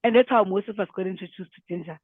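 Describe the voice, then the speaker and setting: A man's voice: sits high, dry recording. A man co-hosting a music podcast, chatting casually and with enthusiasm. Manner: animated, fast, enthusiastic. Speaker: podcast co-host. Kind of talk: casual chat. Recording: tinny phone-like sound.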